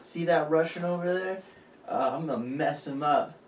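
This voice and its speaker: A man's voice: a little high, normal speed, echoey room, far from the mic, a little hiss or hum, voice pushed up, close to an everyday voice. A man doing a cocky boastful fighter. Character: cocky boastful Japanese soldier spoiling for a fight.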